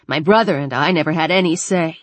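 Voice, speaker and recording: A woman's voice: low voice, brisk, dry recording, natural voice. A woman reading an audiobook, voicing a blunt, chatty teenage girl who swears casually.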